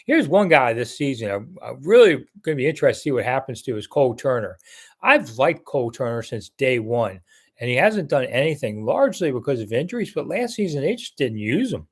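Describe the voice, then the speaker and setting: A man's voice: medium pitch, very animated, a little fast, slightly rough. An older man hosting a casual live sports chat, blunt and chatty as he reads viewer comments and answers them.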